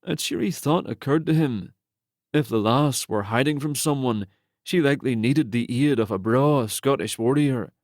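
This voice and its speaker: A man narrating a romance novel in a steady, measured storytelling manner on a close studio mic. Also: mid-range voice, no echo. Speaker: audiobook narrator.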